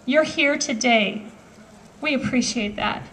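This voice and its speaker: A woman with a high voice gives an earnest, emotional speech at an outdoor rally. She speaks in her thirties' full voice, rallying the crowd. Faint noise sits under her words. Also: slow, a bit bright, rough recording.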